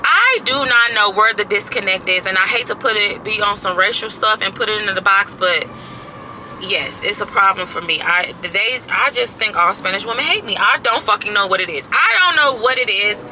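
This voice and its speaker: Woman vlogger, very bright tense voice, venting, emphatic, swearing, faint traffic noise behind. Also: medium pitch, normal speed, rough recording. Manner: exasperated, emphatic, repeats herself, swears freely. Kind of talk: casual venting to camera.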